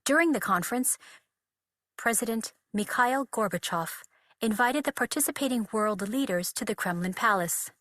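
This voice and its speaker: A woman giving a steady, measured reading of a devotional text over a video call. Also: a little high, dry recording, clean studio sound.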